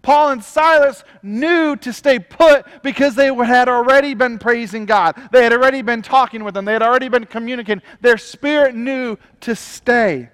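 Man, pastor, emphatic sermon, repeats phrases, very high pitch, long hall reverb. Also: moderate pace, few pauses, fairly bright tone, smooth.

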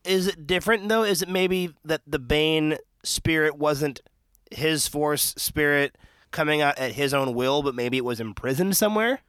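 A man with a slightly raised, smooth voice muses out loud, floating theories and questions as he goes. He sits close to the mic in a dry, dead-sounding space. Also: a little high, moderate pace, no room sound. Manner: speculative, thinks aloud with questions. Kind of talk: casual fan discussion.

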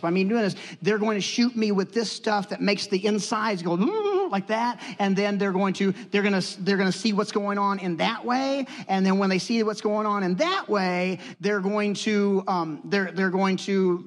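High-voiced man preaching in a reverberant hall. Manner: animated storytelling, acts out quotes. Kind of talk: sermon with personal story.

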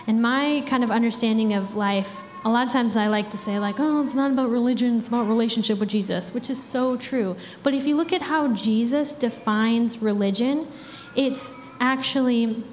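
A young woman preaching a sermon in a casual, chatty way, with frequent fillers. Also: fairly high pitch. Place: church hall. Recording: reverberant hall with faint background noise.

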